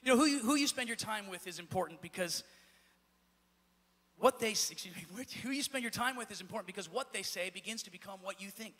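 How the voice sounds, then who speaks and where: A man pastor preaching a sermon in a church, with a repetitive, building cadence that rises to shouts. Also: high-pitched, brisk. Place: church sanctuary. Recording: echoey church hall.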